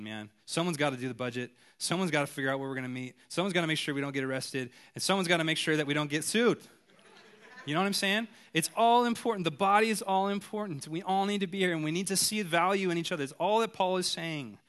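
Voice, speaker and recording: A man preaching a sermon in a loose, chatty way, animated and full of asides. His voice sits on the higher side for a man. He addresses the congregation like friends. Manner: casual, animated, conversational preaching. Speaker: pastor.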